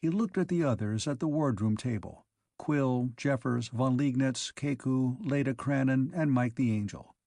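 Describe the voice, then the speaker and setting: A man narrating a science fiction audiobook in a measured, even storytelling manner. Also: medium pitch, gravelly, no room sound, studio quality.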